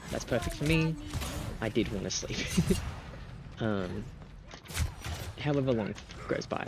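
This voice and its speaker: A man's voice: fairly low pitch, vocal fry. A young man telling a rambling storytime story, with lots of fillers and giggles. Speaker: gaming storyteller. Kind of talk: casual storytime while gaming. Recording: game music playing under the voice.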